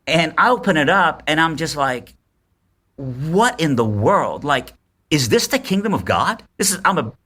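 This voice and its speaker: Bright-voiced animated male storyteller. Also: on the high side, measured pace, breathy edge. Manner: animated storyteller, acts out quotes. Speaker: podcast guest. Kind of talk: storytelling in casual chat.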